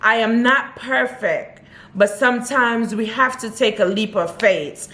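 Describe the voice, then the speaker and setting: A woman's voice: fairly high pitch, unhurried, bright, forceful tone. A young woman vlogger talking earnestly and from the heart to her camera, often repeating her advice. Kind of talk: personal talk to camera.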